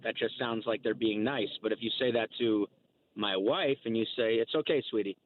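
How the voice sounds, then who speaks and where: A man's voice: fairly low pitch, moderate pace. A man calling into a radio show, telling a story in an amused way. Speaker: caller. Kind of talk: phone-in call. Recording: tinny phone line with faint noise.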